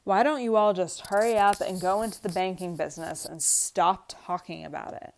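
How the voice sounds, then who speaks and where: A woman's voice: fairly low pitch, measured pace, darkish tone, clear, resonant tone. A woman reading aloud the lines of a weary, patient young wife from a script. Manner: read aloud from a script, lightly acted.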